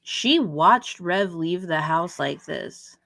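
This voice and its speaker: A woman's voice: fairly low pitch, expressive, slow pace, vocal fry, pushed and bright, dry recording. A woman hosting a commentary show, adding dry, sarcastic remarks over video clips. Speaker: commentary host.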